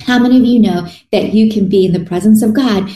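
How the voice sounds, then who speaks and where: A woman's voice: mid-range voice, fast, dark tone. A woman preaching a sermon in an earnest, conversational way, often restarting her sentences. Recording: echoey room.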